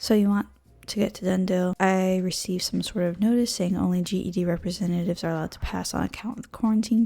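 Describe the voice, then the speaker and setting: A woman's voice: mid-range voice, creaky, warm tone. A woman reading the lines of a friendly male councilman in a horse game.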